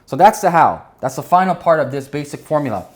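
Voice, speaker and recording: A man giving an energetic business lesson while drawing on a board, often checking in with his listeners. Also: on the high side, fast. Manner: energetic, keeps checking in with "right?" and "okay?". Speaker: business instructor.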